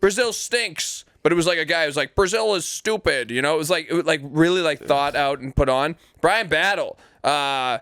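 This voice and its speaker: A man co-hosting a fight podcast in rambling, profane, excitable casual chat. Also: a little high, fairly quick, hardly any pauses, clean tone, no echo. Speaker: podcast co-host.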